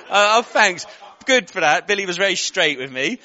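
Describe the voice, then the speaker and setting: Bright-voiced preacher telling a story. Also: male voice, on the high side, quick pace, lo-fi sound. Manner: animated storyteller, laughs at own jokes. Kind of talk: sermon with personal storytelling.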